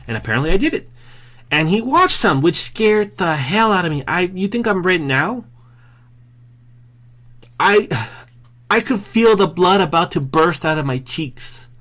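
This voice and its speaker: A man's voice: high voice, big pitch swings, unhurried, long pauses, pushed and bright. A man talking straight to camera in a casual, rambling vlog, self-deprecating and often restarting his sentences. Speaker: vlogger.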